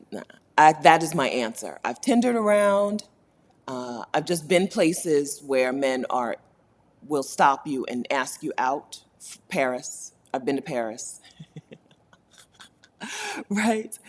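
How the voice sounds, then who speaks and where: A woman's voice: extremely low pitch, expressive, takes it slowly. A woman hosting a casual livestream chat, talking candidly and laughing often. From United States. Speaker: host.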